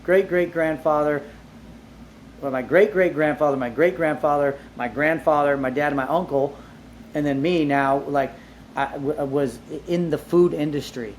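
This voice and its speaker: A man being interviewed, telling his life story in a casual, animated way, with lots of "like" fillers and casual swearing. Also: fairly high pitch, normal speed, a little hiss or hum. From Southern California. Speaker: entrepreneur guest.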